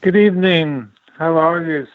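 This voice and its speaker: A man's voice: a little high, normal speed, no echo. A man calling in to a fan radio show, hesitant and plain. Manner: hesitant, plain, flat delivery. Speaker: caller. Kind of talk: phone-in call. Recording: dry phone line.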